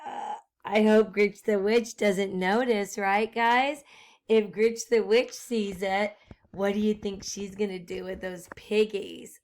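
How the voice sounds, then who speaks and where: A woman teacher reading a picture book aloud to her class, animated and full of questions for the children, with hushed asides. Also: fairly high pitch.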